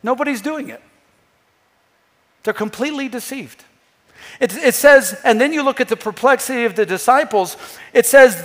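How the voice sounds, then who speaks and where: A male pastor preaching a sermon, emphatic, dropping to a hush and then rising to loud. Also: very high voice, lively intonation, normal speed, pauses often, long reverb tail. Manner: emphatic, swings between hushed and loud, acts out scripture quotes. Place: church.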